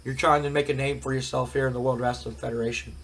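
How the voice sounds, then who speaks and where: A man's voice: medium pitch, little pitch movement, fast talker, fairly bright tone. A man with a cold-cracked voice voicing a sneering, taunting male wrestling manager.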